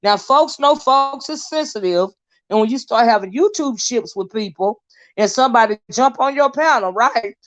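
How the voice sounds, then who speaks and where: A woman's voice: fairly high pitch, normal speed. A woman hosting a casual livestream, chatting about online drama with lots of asides to her viewers. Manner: chatty, animated, drawling asides. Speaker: YouTube commentary host. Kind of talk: casual livestream gossip commentary. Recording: dull lo-fi livestream audio.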